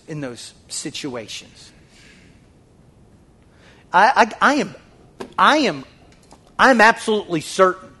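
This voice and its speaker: High-voiced fervent preacher man. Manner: swings from hushed, near-whispered lines to loud shouted exhortation; fervent, repetitive, call-and-response preaching. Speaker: pastor. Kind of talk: sermon.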